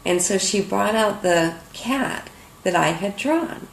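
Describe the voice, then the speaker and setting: A woman's voice: mid-range voice, expressive, slow pace, creaky, reverberant, a little hiss or hum, low-quality recording. Sentimental older woman art teacher. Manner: sentimental, emotional storytelling. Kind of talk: heartfelt online lesson talk.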